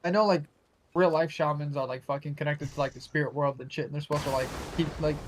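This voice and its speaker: Quick, higher-voiced teasing guy. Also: fairly even intonation. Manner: teasing, crude. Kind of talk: casual gaming chat.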